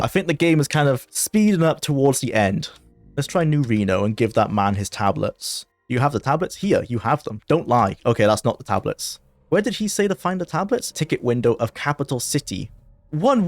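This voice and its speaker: Male gaming commentator, mid-pitched, excitable and jumpy, laughs a lot, dry close sound. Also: dry recording. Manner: excitable, jumpy bursts of panic, frequent laughter. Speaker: gaming video creator. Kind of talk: let's play commentary.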